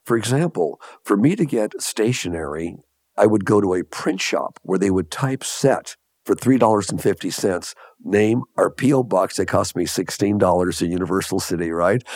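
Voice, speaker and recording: Gravelly low-voiced older man. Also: darkish tone, no echo, clean studio sound. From Los Angeles. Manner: leisurely, repeats phrases for emphasis, chuckles. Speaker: guest, entrepreneur. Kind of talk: interview storytelling.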